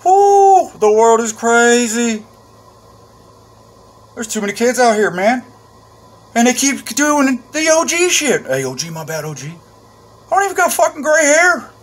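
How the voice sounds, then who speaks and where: A man from Arizona telling a profane comic story in a casual vlog, jumping from loud bursts to hushed asides. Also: on the high side, husky. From Arizona, USA. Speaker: comedic storyteller.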